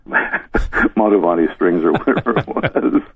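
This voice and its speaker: An older man who used to work as a disc jockey reminisces in an interview, rambling and chuckling as he tells stories. His deep voice is animated and a little rough, moving at a measured pace. The dry, echo-free audio comes through a tinny phone line.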